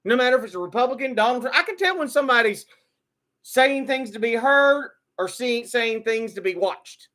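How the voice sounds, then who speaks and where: A man's voice: very high voice, expressive, moderate pace, bright, forceful tone. A man giving an opinionated political monologue, repeating words and restarting often, then building to emphatic bursts. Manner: repetitive stammering restarts, rising to emphatic outbursts.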